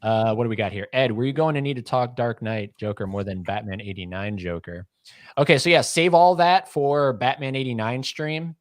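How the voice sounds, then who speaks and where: A man's voice: medium pitch, moderate pace, dry recording, clean studio sound. A man in his thirties co-hosting a casual livestream, reading chat comments aloud and teasing with a rambling, joking manner. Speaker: podcast co-host.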